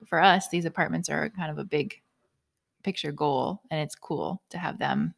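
A woman in her thirties chatting casually as a podcast co-host, telling family stories with lively laughter and acted-out quotes. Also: deep voice, normal speed, creaky, husky. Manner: animated storyteller, laughs often, acts out quotes. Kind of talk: casual chat.

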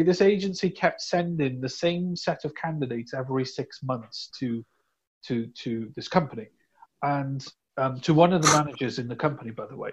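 A man in casual podcast chat, telling stories with lively acted-out dialogue. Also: mid-range voice, normal speed, slightly rough, dull audio. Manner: animated storyteller, acts out quoted dialogue. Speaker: recruitment business owner.

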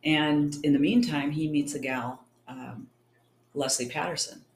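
A middle-aged Californian woman, a champion cyclist and triathlete, is a chatty guest on a casual storytelling interview. Her voice is low-pitched and steady, a little slow, and she acts out the dialogue in her stories. The recording has a roomy echo.

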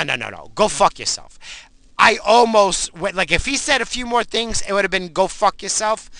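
A married man delivering a profane, angry rant, swinging between shouted outbursts and low muttered asides. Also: dry recording. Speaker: ranting commentator.

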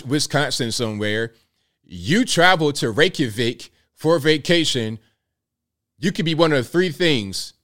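A man's voice: on the high side, fairly bright tone. An American man with a Southern accent, hosting a solo political commentary show, emphatic and repetitive, firing rhetorical questions at his viewers. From United States.

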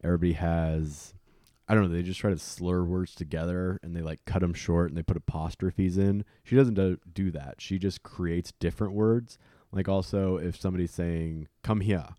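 Deep-voiced man chatting about books. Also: no room sound, clean studio sound. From Texas. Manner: relaxed, thoughtful, filler-heavy. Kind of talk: casual book club discussion.

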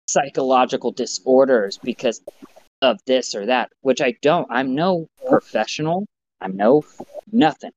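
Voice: mid-range voice, darkish tone. Blunt, profane podcast host, muffled sound. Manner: blunt, profane, rambling opinions. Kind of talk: casual podcast chat. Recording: slightly muffled podcast audio.

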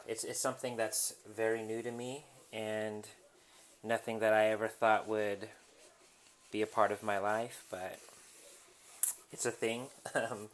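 Young guy rambling about his week at home, lowish voice, lots of ums and restarts, pretty candid. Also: a bit bright. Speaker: podcast host. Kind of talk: casual personal story. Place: his apartment, cleaning up. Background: household noise.

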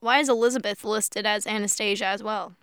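A woman's voice: mid-range voice, steady tone, fairly quick, a bit bright, smooth, dry recording, clean studio sound. A young woman co-hosting a podcast, chatting casually and giggling as she stumbles over names while reading film credits. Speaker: podcast co-host.

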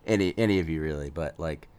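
A man's voice: low voice, clean tone. A man co-hosting a casual chat about a movie, rambling with lots of fillers and frequent laughs. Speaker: podcast co-host.

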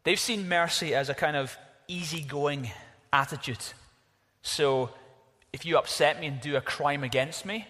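A man preaching a sermon, emphatic, telling stories in an animated way. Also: a little high, normal speed, in a large hall.

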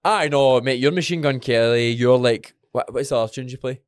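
A young Scottish man co-hosting a podcast in casual chat, sweary and animated, working himself up as he talks. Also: medium pitch, brisk, clean tone, no room sound, clean studio sound. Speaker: podcast co-host.

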